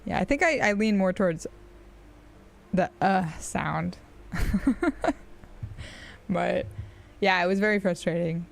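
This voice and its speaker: A woman with an American accent rambles chattily to her chat during a gaming live stream, laughing often. Her voice sits fairly low and has a gravelly fry. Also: slow, pauses often.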